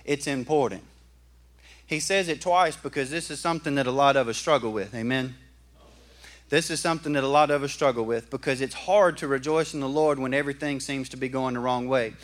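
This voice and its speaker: A man preaching a sermon in a folksy, animated way and asking the congregation questions. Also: mid-range voice, fairly quick. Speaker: pastor. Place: church.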